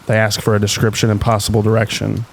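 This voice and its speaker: A man reading stories aloud in calm, unhurried scripted narration meant for falling asleep. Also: fairly low pitch, creaky, breathy edge. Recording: faint rain noise behind.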